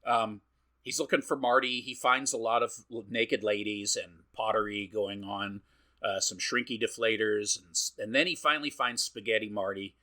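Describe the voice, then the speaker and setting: A man's voice: on the low side, fairly even intonation, moderate pace, sharp tone. A man co-hosting a podcast, recapping a film in casual chat, swearing freely and acting out what the characters say. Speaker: podcast co-host.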